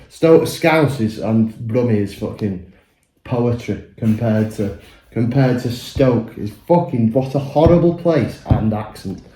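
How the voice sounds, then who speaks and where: A man in loose pub banter, his voice mellow and dark, sweary and full of laughs. It is recorded in a roomy, echoing pub. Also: medium pitch. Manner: sweary, laughing, rambling with fillers. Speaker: podcast co-host. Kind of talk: casual pub chat.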